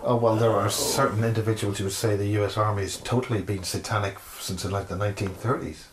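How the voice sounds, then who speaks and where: A man's voice: fairly low pitch, flat delivery, quick pace, slight background noise. A man hosting a conversational interview, casually interjecting short quips. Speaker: host.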